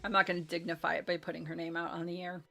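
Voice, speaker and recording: A woman's voice: lowish voice, flat delivery, very fast, creaky, pushed and bright. A woman in casual chat, recapping a tabletop game session in a rambling, self-deprecating way with lots of fillers.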